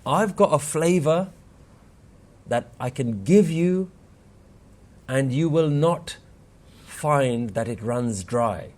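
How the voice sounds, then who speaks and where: A Sikh workshop speaker gives an earnest spiritual talk, telling stories and quoting scripture. His medium-pitched, slightly mellow voice has lively intonation, rising and falling for emphasis as he speaks slowly with frequent pauses.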